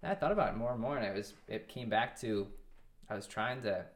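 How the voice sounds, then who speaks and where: Man in his 20s, lowish voice, casual interview guest, rambling storytelling, lots of restarts. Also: quick pace. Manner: rambling, with many restarts and quoted dialogue.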